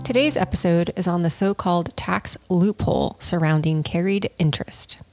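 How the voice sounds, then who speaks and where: A woman's voice: fairly low pitch, moderate pace, loud music behind the voice. A woman co-hosting a podcast who teaches at a business school and explains things playfully, speaking into a close podcast mic. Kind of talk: casual podcast chat.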